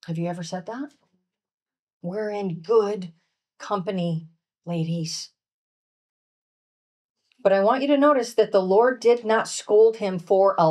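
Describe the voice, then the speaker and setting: A woman speaker teaching from scripture to a women's retreat, earnest and gentle, dropping to a soft hush on key points. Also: mid-range voice. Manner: reads scripture aloud and acts out voices. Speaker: workshop speaker at a pastors' wives' retreat.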